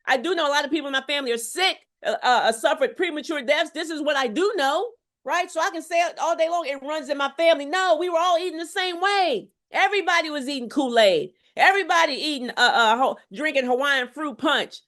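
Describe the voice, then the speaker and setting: High-voiced, emphatic woman coach. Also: brisk, a bit bright. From Houston, Texas. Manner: emphatic, preacherly, repeats phrases and calls on the audience. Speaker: health coach. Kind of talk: live health challenge talk to viewers.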